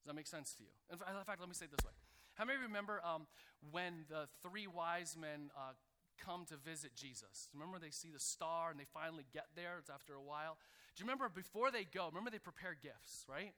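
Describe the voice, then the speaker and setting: A man preaching a sermon to a church congregation, calling out for responses and building to loud, energetic peaks. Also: a little high, quick pace. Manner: energetic preaching that swells to near shouting. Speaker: pastor. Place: church sanctuary.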